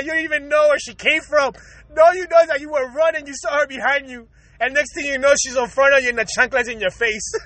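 A man with a very high, bright, tense voice tells rowdy comic stories in a loose podcast chat. He swears constantly, laughs through his lines and hammers his points with loud emphasis. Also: no room sound. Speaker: podcaster recalling his own episode. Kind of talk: casual comic storytelling.

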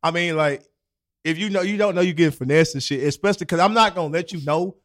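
A man's voice: a little high, fast talker. A young man in casual chat, telling a loose, profanity-laced story full of slang and acted-out quotes.

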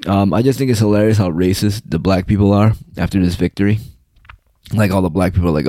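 A young man from the United States rants in a rambling, profane, mocking way. His voice sits very low. The recording is dry and close, with no room sound. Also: fast, warm tone, no echo. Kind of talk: casual ranting monologue.

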